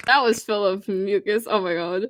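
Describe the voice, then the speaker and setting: A woman hosting a podcast, chatting playfully and reading her own story aloud, often mocking herself. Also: mid-range voice. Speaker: podcast host.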